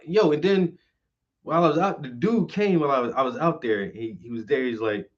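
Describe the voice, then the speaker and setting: A man's voice: medium pitch, brisk. A man who hosts his own channel as a painter, telling a story in casual, slangy, profane vlog style. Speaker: painter and host. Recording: slightly muffled lo-fi audio.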